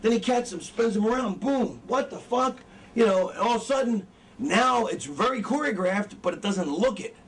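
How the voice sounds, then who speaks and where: With lively intonation and a slightly fast delivery, a middle-aged man speaks in a high voice while training wrestlers. His instruction is casual, profane and rambling, and he often drifts off his point. The mic is distant and there's faint background noise.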